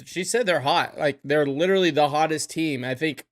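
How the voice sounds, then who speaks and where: Animated, cursing baseball podcast man. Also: a little high, normal speed. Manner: animated, swears freely, trails off and restarts. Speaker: podcast co-host. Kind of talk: casual sports chat.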